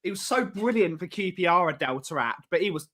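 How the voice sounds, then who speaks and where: A man's voice: sits high, expressive, brisk, sharp tone. A man on a football chat panel, talking casually with a playful, jokey manner. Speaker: panel guest.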